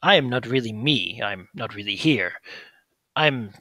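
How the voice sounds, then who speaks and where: A composed, learned older brother, voiced by a man, who probes gently and sincerely. He speaks with a husky, bright tone and plenty of movement in his pitch, close and dry. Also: expressive, no room sound. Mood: earnest. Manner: measured, earnest questioning. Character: calm, curious older brother, arcane scholar.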